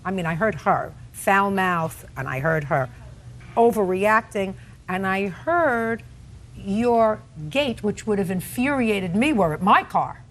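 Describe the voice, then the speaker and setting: A woman's voice: medium pitch, expressive, takes it slowly, fairly bright tone. An older woman acting as a TV courtroom judge, scolding litigants bluntly and cutting them off sharply. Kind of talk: courtroom TV judging.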